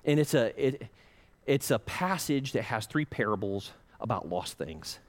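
A man preaching a sermon as pastor, passionate, swinging between loud pleading and hushed intensity. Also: medium pitch, very animated, measured pace, long reverb tail.

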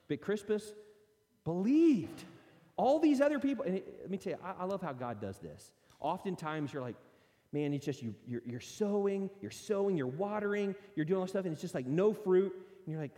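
A man preaching a sermon in a lively, conversational way, reading and explaining scripture. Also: on the high side, a little fast. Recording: long hall reverb.

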